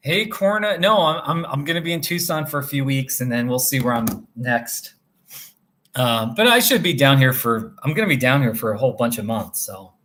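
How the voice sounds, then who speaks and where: A man's voice: medium pitch, expressive, normal speed, a bit bright. A man live-streaming from a motel room, rambling casually with many restarts as he answers viewers' comments.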